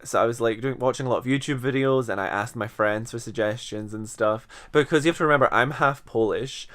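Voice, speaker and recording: A man's voice: medium pitch, brisk, fairly bright tone. A man in his twenties with a mild Scottish accent, chatting unscripted to camera about his teaching, rambling and self-deprecating. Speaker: English teacher. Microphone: camera in front of him.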